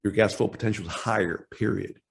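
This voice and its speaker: Man, lowish voice, conference presenter, technical talk, halting delivery, stops and restarts often. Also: steady tone, gravelly, slight background noise. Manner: halting, frequent restarts and self-corrections. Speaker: workshop presenter.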